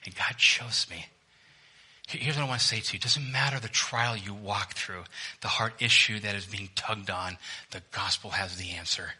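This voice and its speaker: Bright-toned, animated male preacher. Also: moderate pace, slightly rough. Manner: animated preaching, swinging from loud emphasis to hushed, low delivery; talks directly to the congregation with questions and humor. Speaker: pastor. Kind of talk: sermon. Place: church in front of a congregation.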